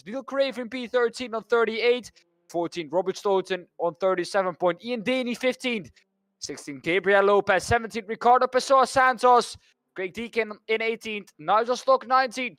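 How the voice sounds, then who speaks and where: A man's voice: sits high, a bit bright, dry recording. A man from the Netherlands, commentating a sim racing broadcast and walking through schedules and standings. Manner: talks through schedules and standings, pausing on names. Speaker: race commentator.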